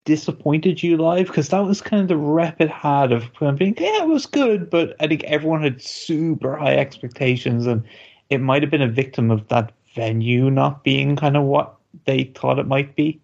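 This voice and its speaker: A man's voice: medium pitch, fairly even intonation, normal speed, creaky, a little mellow. A man hosting a casual chat, teasing his guest and chuckling. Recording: dull lo-fi mic.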